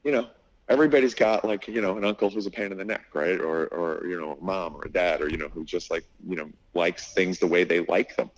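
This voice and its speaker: A man's voice: low-pitched, brisk, no room sound, poor audio. A middle-aged man who owns a restaurant, telling a story in a casual interview, acting out what people said, with lots of fillers. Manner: animated storyteller, acts out quotes, many fillers. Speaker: restaurant owner.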